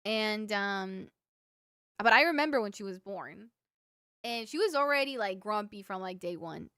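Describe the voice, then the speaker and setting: A woman's voice: medium pitch, expressive, unhurried, bright, forceful tone, clear, resonant tone, dry recording. Rambling, chatty woman streamer, dry sound. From Cuban family. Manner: rambling storyteller, lots of fillers, laughs at own stories. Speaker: livestream streamer. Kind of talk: casual chat with viewers.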